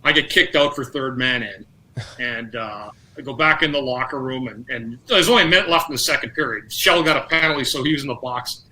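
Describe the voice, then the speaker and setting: A middle-aged man, a former hockey player, telling lively anecdotes on a podcast, acting out quotes and laughing often. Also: medium pitch, a little fast, low-quality recording. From Canada. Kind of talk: casual storytelling.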